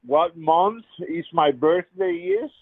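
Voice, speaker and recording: A man's voice: on the high side, huge pitch swings, slow, no echo. A man in his fifties calling into a live debate show, insistently repeating his argument over and over. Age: 50s. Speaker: caller. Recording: tinny phone line.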